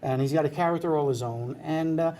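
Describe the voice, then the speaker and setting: A man's voice: fairly high pitch, fast talker, mellow, a little hiss or hum. A middle-aged man with a New York accent, telling showbiz stories casually as an interview guest. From New York City. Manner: chatty anecdotal, bantering with his puppet. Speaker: ventriloquist guest.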